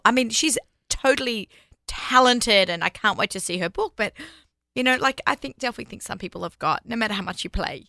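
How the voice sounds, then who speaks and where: A woman's voice: medium pitch, fairly quick, gravelly, pushed and bright, dry recording, studio quality. An Australian woman hosting a casual podcast chat, chatty and self-deprecating, laughing often. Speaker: host.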